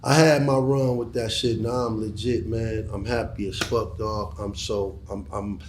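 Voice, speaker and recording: A man's voice: fairly low pitch, steady tone, a little slow, echoey room, slight background noise. A middle-aged man speaking as an interview guest, emphatic and profane, often repeating words as he starts a sentence. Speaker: guest, former hustler turned entrepreneur. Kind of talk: casual interview talk.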